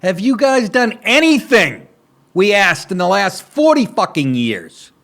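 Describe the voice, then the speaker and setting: A man's voice: high-pitched, sing-song, measured pace, vocal fry, a bit bright. A man hosting a talk show, ranting sarcastically and crudely over political clips.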